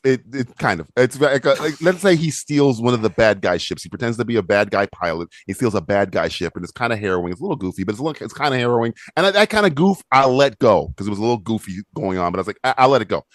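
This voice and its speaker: A man's voice: fast, hardly any pauses, no echo, clean studio sound. A man co-hosting a podcast, ranting in casual chat with lots of swearing and mocking put-on voices. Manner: animated, profane, mocking with squeaky put-on voices. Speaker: podcast co-host.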